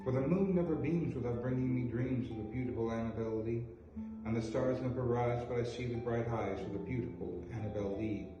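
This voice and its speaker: A man hosting a video, reading poetry aloud with a theatrical, drawn-out delivery. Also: medium pitch, fairly even intonation, muffled recording. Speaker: host. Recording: echoey room from far off, faint music.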